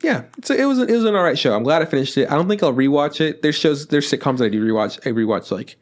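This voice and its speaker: A man's voice: on the high side, lively intonation, fast talker. A man co-hosting a podcast in casual chat, rambling with lots of fillers, restarts and swearing. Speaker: podcast co-host.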